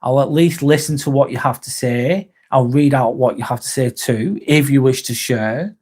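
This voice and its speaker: An English man hosting a live stream in a casual, rambling chat, reading out and answering viewer comments with a halting, sincere manner. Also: medium pitch, darkish tone, husky. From England. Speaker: livestream host.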